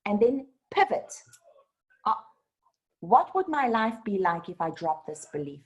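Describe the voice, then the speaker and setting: Woman spiritual teacher, casual and animated, giving practical advice. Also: medium pitch, measured pace, highs cut off. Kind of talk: casual satsang talk.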